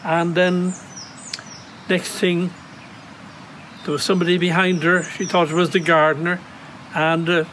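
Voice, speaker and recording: An Irish priest giving a reflective homily outdoors at a grotto, telling stories in a gentle, conversational way. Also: male voice, high-pitched, flat delivery, unhurried, pauses often, a little hiss or hum, low-quality recording. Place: outdoor grotto on monastery grounds.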